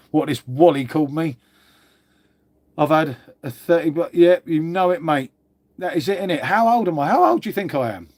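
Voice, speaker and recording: A man's voice: a little high, darkish tone. An adult man, hosting a casual livestream and chatting with viewers, blunt and sweary, calling everyone "mate". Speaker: livestream host.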